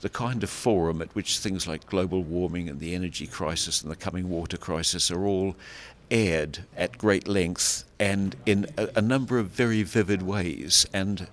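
A man's voice: sits low, moderate pace, hardly any pauses. An older man commenting in an interview, emphatic and reflective, with some restarts. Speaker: guest commentator. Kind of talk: interview answer.

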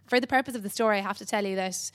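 A woman's voice: medium pitch, racing. Irish woman doing rambling stand-up. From Ireland. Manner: rambling, dry delivery with many "um"s. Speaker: stand-up comedian. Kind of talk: stand-up comedy. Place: comedy club stage.

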